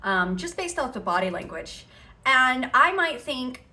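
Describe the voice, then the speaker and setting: A woman's voice: high voice, big pitch swings, a little slow, pushed and bright. A woman hosting a reaction commentary on internet drama, sarcastic and dramatic as she mimics others. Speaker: commentary host.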